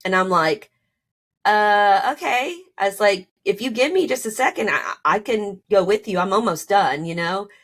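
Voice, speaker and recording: On a podcast, a woman tells her own story casually and animatedly, her medium-pitched, slightly bright voice moving at normal speed with lively intonation. She fills it with "like" and "you know" and acts out both sides of arguments in a rising voice.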